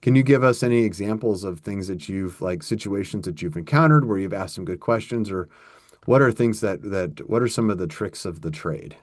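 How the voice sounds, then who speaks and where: A man's voice: on the low side, fairly quick, darkish tone, no echo, clean studio sound. A man co-hosting a workplace podcast, telling stories in a casual, conversational way and acting out quotes. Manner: storytelling with acted-out quotes, conversational. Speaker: podcast co-host.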